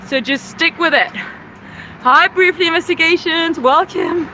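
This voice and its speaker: A woman's voice: very high voice, unhurried, pushed and bright, rough recording. A German woman from Berlin with a German accent, chatting casually with live-stream viewers on a phone on a selfie stick while walking through city streets, full of "like" fillers. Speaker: livestreamer. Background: faint street and traffic noise.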